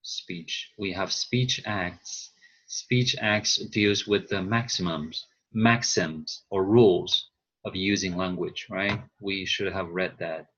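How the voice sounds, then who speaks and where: A man whose first language is Chinese, teaching a class over a video call and explaining slowly with frequent pauses and fillers. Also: low voice, a bit bright, breathy edge, lo-fi sound. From China. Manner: slow, hesitant, thinking aloud with fillers. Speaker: instructor.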